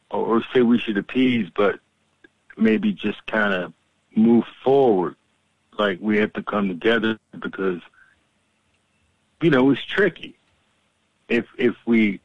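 A man's voice: fairly low pitch, no echo, dull audio. A man on a radio call-in show, weighing his words carefully in a hesitant way with many restarts.

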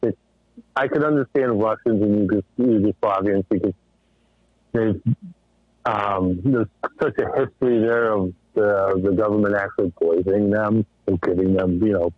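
A lower-voiced man from Western Massachusetts calling in over a thin, dry phone line. He speaks haltingly, restarting his sentences as he searches for words. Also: steady tone, no echo. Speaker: caller. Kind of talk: casual call-in chat.

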